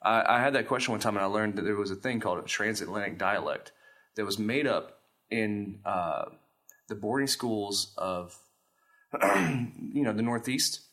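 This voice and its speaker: A podcast host speaks in a low voice with a bright, forceful tone. He explains things at length in an easy, chatty way, and often stumbles and restarts his phrases as he goes. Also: normal speed. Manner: explanatory, storytelling, with stammered restarts. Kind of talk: casual chat.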